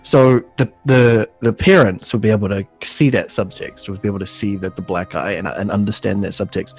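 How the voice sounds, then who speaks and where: A man co-hosting a podcast, chatting casually, correcting and explaining with halting restarts. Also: lowish voice, steady tone, darkish tone, husky, soft background music, low-quality recording. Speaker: podcast co-host. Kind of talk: casual chat discussing episodes.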